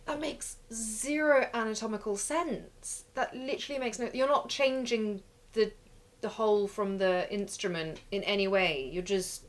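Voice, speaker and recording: A woman's voice: medium pitch, moderate pace. Emphatic woman reviewing films. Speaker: podcast co-host. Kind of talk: casual film review chat.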